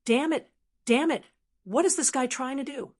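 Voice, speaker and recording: A woman's voice: high voice, normal speed, a little mellow, pitched above the performer's own voice, close to an everyday voice. A woman voicing a roaring, vengeful alliance leader. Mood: furious. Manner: roaring, threatening.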